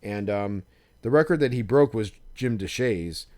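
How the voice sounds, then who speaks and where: A man's voice: fairly low pitch, unhurried, a little mellow. A young adult man co-hosting a podcast, telling stories casually with many fillers. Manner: rambling storyteller with many fillers. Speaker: podcast co-host. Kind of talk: casual chat.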